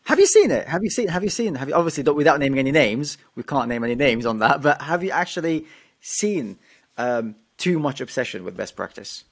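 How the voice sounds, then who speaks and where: Gravelly-voiced male interviewer. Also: medium pitch, lively intonation, fairly quick. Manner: probing, conversational. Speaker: podcast host, interviewer. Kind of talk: interview questions.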